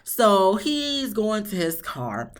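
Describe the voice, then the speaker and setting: Animated, slangy woman recapping a show. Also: mid-range voice, slow pace. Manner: animated storytelling, acts out quotes from the episode; slangy, chatty. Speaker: reality TV reviewer. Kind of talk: casual episode recap.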